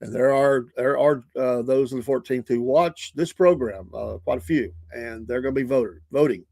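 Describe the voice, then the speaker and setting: A man's voice: mid-range voice, normal speed, gravelly, darkish tone, dry recording. A man hosting a casual morning talk show, rambling through stories and chuckling often into a close mic in a small studio.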